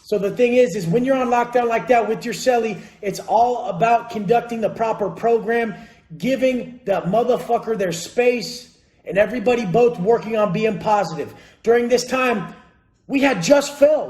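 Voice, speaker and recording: A man's voice: very high-pitched, normal speed, a little mellow. A young man telling a blunt, profane, motivational story in casual vlog talk. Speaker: vlogger. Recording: echoey room.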